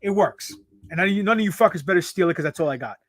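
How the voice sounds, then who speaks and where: Profane, animated wrestler with a high voice. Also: male voice, rapid-fire. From United States. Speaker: professional wrestler guest. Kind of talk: casual storytelling interview.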